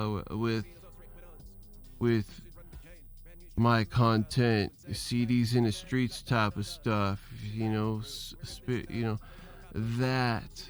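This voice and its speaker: Solo podcast host, male, slow unhurried delivery, wandering and self-deprecating, swears casually. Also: lowish voice. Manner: meandering, trailing off, frequent restarts and fillers; loose, profane and self-deprecating. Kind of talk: rambling solo podcast monologue.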